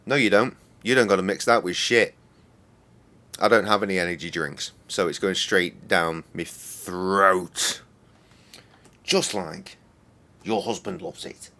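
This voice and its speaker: A man's voice: deep voice, measured pace, bright, forceful tone. A man streaming a game, swearing and muttering exasperatedly at it. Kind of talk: casual game-stream commentary.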